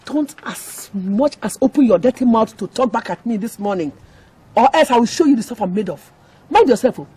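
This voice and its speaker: A woman's voice: on the high side, lively intonation, fairly quick, dark tone, husky. A woman playing a quarrelsome Nigerian co-wife. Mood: taunting. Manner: quarrelsome, taunting. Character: hot-tempered young co-wife, combative. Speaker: younger co-wife. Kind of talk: film drama acting.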